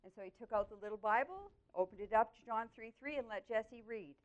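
A woman's voice: on the high side, a little fast. Earnest woman telling her testimony. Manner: earnest and expressive, with lively vocal swings. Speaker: speaker sharing her Christian testimony. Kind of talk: personal testimony storytelling. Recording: dull, lo-fi audio.

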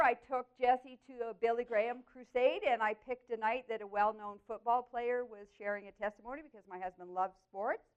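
A woman sharing her personal Christian testimony, telling the story in an earnest, expressive way with lively swings in her voice. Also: on the high side, clean tone. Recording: dull, lo-fi audio.

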